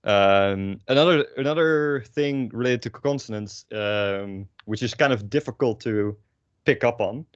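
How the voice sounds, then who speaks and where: Using his own pop-filtered microphone, a young Dutch-accented man gives an online language lesson that wanders, packed with fillers and corrections of himself. His medium-pitched voice is clear and resonant at a measured pace, and the audio is dull but free of echo.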